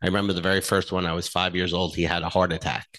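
Middle-aged male co-host, deep low voice, earnest and frank, storytelling. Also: level tone, very fast, fairly bright tone. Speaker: podcast co-host. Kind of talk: casual relationship talk.

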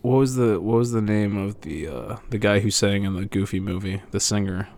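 A man's voice: fairly low pitch, steady tone, brisk, a little mellow. A man co-hosting a podcast in casual chat, ranting with mock indignation. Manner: mock-indignant and emphatic in rants. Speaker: podcast co-host.

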